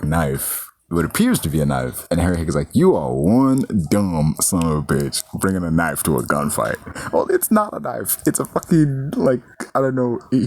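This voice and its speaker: A man's voice: sits low, a little mellow. A man giving a casual, rambling movie review, swearing freely and saying "like" a lot. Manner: rambling, profane, heavy use of "like".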